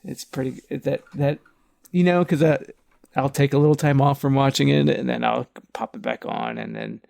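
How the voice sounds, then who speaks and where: Gravelly guy rambling and laughing on a podcast, dry close mic. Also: mid-range voice, fairly even intonation, normal speed, a little mellow, no room sound. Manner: rambling, laughs often, restarts. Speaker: podcast co-host. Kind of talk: casual chat.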